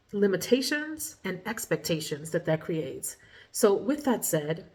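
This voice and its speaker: A woman in her thirties talking to her viewers in a casual, rambling and earnest way, calling them friends. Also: on the low side. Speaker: vlogger. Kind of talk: casual reflective talk to camera.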